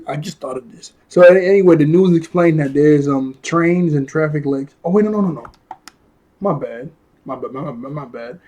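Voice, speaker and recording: A man with a fairly high but mellow voice runs through a cartoon episode in a casual review. He talks in loose slang, leans on fillers and keeps breaking into chuckles.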